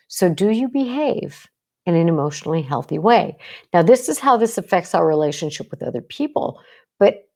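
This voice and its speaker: A woman with a slightly low voice talks casually on her podcast as a psychologist. She is intense and emphatic, keeps asking "right?" and acts out the quoted lines of speech she talks about. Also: a little mellow. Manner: intense, emphatic, with frequent "right?" check-ins. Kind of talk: casual talk.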